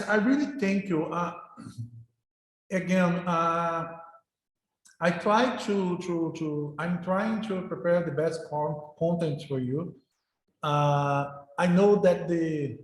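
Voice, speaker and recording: Slow, halting professor in an echoey room. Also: male voice, fairly high pitch. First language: Portuguese. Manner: halting, repeats words, earnest. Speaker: university professor. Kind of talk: informal remarks to a class.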